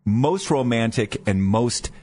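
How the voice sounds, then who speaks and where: A man's voice: medium pitch, takes it slowly. A man co-hosting a morning radio show in a studio, chatting casually and teasing his co-host. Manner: lively, joking, teasing. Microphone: studio microphone.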